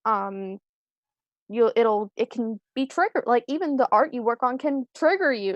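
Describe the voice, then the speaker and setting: In a casual live-stream interview over video call, a young screenwriter guest talks at a moderate pace in a voice on the high side. Lots of ums, restarts and self-deprecating rambling fill her speech, recorded dry.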